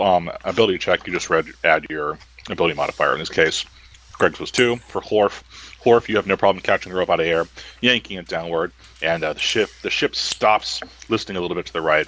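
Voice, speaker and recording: A man narrating as game master for a tabletop game, relaxed and hesitant with many ums. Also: deep voice, rough recording.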